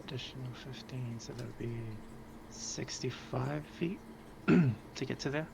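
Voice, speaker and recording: A man's voice: medium pitch, unhurried, creaky, background noise. A man talking as a player in a tabletop game, thinking aloud as he works out the movement. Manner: thinks aloud while counting. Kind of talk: casual tabletop game chat.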